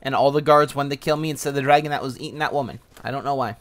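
A young man streaming a game, giving casual, joking commentary with excitable outbursts. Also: a little high, racing.

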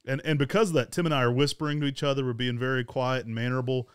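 A loud, talkative man with a drawl, chatting casually as a show co-host. His voice is smooth and clear, recorded close and dry with no room sound. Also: mid-range voice, very fast, dry recording. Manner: talkative, energetic, laughs often. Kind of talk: casual travel chat.

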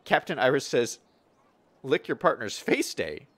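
A man's voice: medium pitch, normal speed, no room sound. A young man streaming a city-building game, chatting casually and reading viewer comments aloud with lots of fillers and restarts. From Western United States. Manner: chatty, lively, reads chat aloud with frequent fillers.

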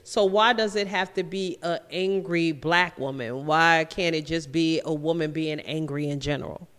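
A woman's voice: sits low, moderate pace, a bit bright, big-room sound. A woman hosting a call-in talk radio show, who talks emphatically, repeats her phrases and laughs easily.

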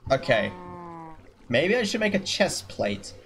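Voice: medium pitch, very animated, a little slow, gravelly, a bit bright. A gamer doing let's-play commentary, swearing constantly and grumbling at the game's animals. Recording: noisy with keyboard clicks. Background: keyboard typing.

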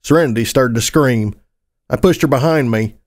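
Guy reading a rough first-person story, mid-pitched voice, swears casually, expressive. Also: moderate pace. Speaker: audiobook narrator.

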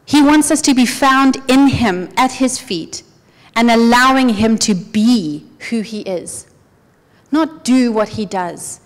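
A woman preaching a sermon in an earnest, conversational way, her voice often dropping soft. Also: fairly high pitch, animated, takes it slowly. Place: church hall. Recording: church hall with long reverb.

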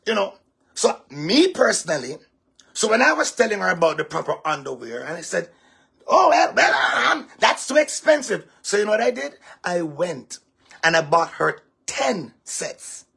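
A male pastor giving an emphatic, lecturing talk to a congregation, sometimes breaking into shouts. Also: high-pitched, gravelly, husky.

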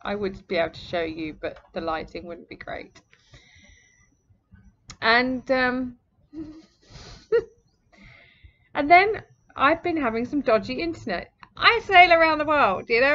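Chatty, laughing woman, higher voice. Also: fairly bright tone, lo-fi sound. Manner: chatty, laughs often, amused. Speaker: podcast host. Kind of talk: casual storytelling monologue. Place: home near the sea, indoors.

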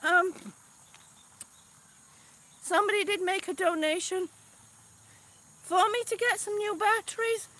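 Vlogger woman, very high bright voice, out of breath, slow talker, faint outdoor noise behind. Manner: excited, laughing often. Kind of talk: casual live vlog.

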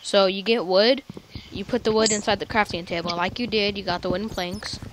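A woman casually chatting while playing a game, playful and excitable, guiding a new player. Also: mid-range voice, a little fast, noisy background. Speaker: gameplay host. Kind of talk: casual gaming chat.

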